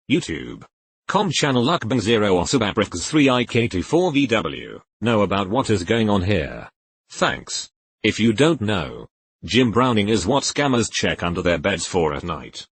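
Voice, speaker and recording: Husky synthetic male narrator voice. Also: fairly low pitch, no room sound. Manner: flat synthetic reading, spells out links letter by letter. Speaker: narrator reading forum posts. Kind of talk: text-to-speech reading of posts.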